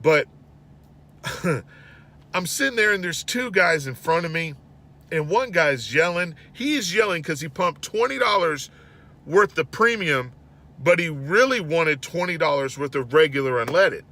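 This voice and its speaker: A man's voice: fairly high pitch, unhurried. A man hosting his show, telling an exasperated everyday story in a casual monologue. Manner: animated, exasperated storytelling with rising outbursts. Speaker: host.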